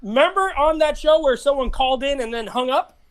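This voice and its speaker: A man's voice: extremely high pitch, lively intonation, fairly quick. A man co-hosting a casual podcast, telling stories in a chatty way and laughing often. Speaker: podcast co-host. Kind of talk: casual chat.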